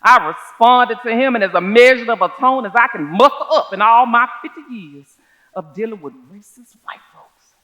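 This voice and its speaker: An actress in a one-woman stage show, playing a proud older schoolteacher from who tells her story in a measured, folksy way. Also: fairly high pitch, bright, forceful tone, lo-fi sound. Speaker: stage performer. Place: theater stage.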